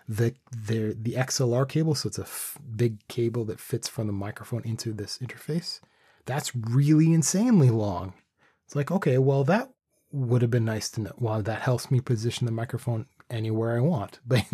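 Dark, husky man talking gear. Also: medium pitch, moderate pace, dry recording, clean studio sound. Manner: rambling, thinking aloud with restarts. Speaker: vlogger reviewing his microphone setup. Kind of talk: casual talk to camera. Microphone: studio condenser microphone with pop screen.

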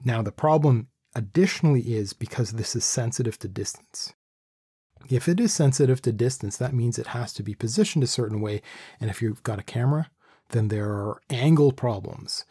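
A man's voice: medium pitch, animated, normal speed, warm tone, slightly rough, dry recording. A man talking casually about his microphone setup into a studio microphone in a small home room, rambling and thinking aloud with restarts. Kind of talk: casual talk to camera. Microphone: studio condenser microphone with pop screen.

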